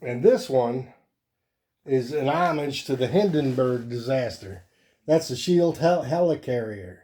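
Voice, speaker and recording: A man hosting a comic book show, chatting casually in a relaxed, rambling way with many fillers. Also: mid-range voice, measured pace. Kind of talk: casual show-and-tell chat.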